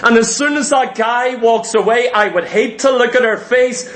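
A middle-aged man preaching a sermon, animated and acting out the voices of the people he quotes. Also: very high voice, normal speed.

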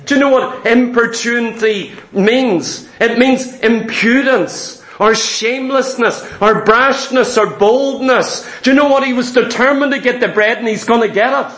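A man's voice: extremely high pitch, a little slow, hardly any pauses, a bit bright, roomy sound. A man preaching a sermon, emphatic and vivid, repeating his key points and telling stories.

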